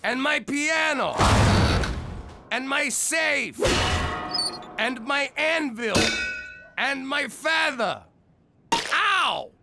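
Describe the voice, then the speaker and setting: An actor playing a brash former mob boss with an excitable, gravelly manner. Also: male voice, very high-pitched, drawn-out words, long pauses, heavily acted. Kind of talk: adult cartoon voice acting.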